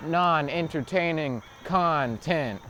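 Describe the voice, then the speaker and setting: A man's voice: a little high, takes it slowly, sharp tone, a little hiss or hum. A man rambling to himself in a profane, absurd stream of thought while cycling outdoors on city streets. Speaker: vlogger.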